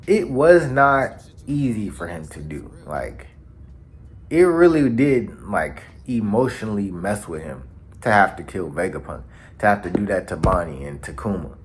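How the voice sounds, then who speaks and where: A man hosting a casual recap in an animated, slangy storytelling manner. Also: on the low side, a little slow, a little hiss or hum. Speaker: anime channel host. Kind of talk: casual manga chapter recap.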